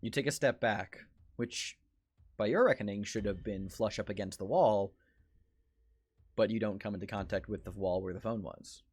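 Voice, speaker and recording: A man acting as game master, narrating a tabletop horror game in a halting way, full of fillers and restarts. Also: fairly low pitch, breathy edge.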